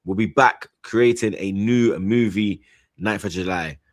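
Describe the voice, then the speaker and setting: A man chatting casually on a football stream, rambling through shout-outs with slang and repeated "you get me". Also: lowish voice, measured pace, dry recording, clean studio sound. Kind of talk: casual chat, reading out super chats.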